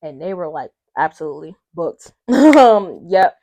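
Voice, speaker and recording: A young woman from Atlanta, a podcast guest telling a family story in a lively way and acting out the voices of her relatives. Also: on the low side, unhurried. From Atlanta, Georgia. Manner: animated, acts out family members' voices. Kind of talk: casual storytelling.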